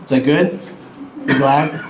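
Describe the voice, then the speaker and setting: A man teaching a Bible lesson to children at home, talking slowly and simply, a bit cartoonish, and asking the kids questions. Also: medium pitch, noisy background.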